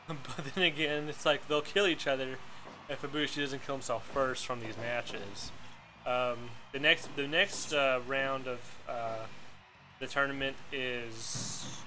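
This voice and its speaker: A man's voice: medium pitch, slow pace, sharp tone, faint music behind. A man streaming live, rambling casually and chuckling to himself as he plays. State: winded. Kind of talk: casual live-stream commentary while gaming.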